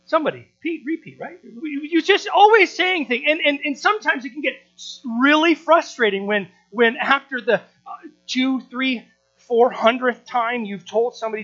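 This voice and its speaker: A man in his thirties preaching a sermon, animated, repeating words and asking rhetorical questions. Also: very high voice, moderate pace. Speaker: pastor. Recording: dull lo-fi sound with mains hum.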